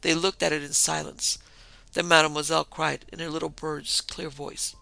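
A man narrating an audiobook in an expressive, measured reading. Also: fairly high pitch, creaky, dry recording, low-quality recording. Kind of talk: scripted narration.

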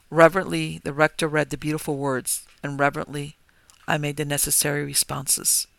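A man narrating a gothic horror story in a measured, grave manner. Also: fairly high pitch, monotone, vocal fry, no echo. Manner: measured, grave, rising to forceful cries. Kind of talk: dramatic gothic story reading.

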